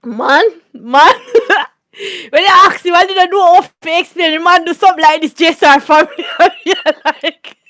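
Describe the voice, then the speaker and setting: Jamaican woman, high voice, casual storytime, laughs a lot, dry close sound. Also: moderate pace, dry recording. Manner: laughs often, animated, repeats catchphrases. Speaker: channel host. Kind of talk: casual storytime livestream chat.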